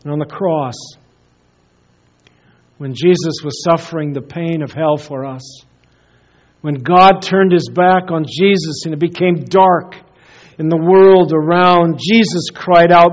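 A man preaching a sermon as pastor, earnest, often dropping to a hushed soft voice and repeating words as he searches for them. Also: a little high, takes it slowly. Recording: dull lo-fi recording.

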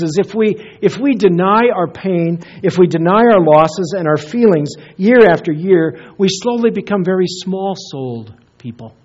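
A high-pitched pastor preaches an earnest sermon, frequently sinking into a hushed, soft voice and repeating words while he hunts for the right ones. The recording sounds dull and lo-fi.

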